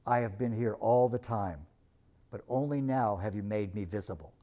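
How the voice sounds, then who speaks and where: Majestic lion, grave and calm, voiced by a man well below his usual pitch. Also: normal speed, natural voice. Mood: solemn.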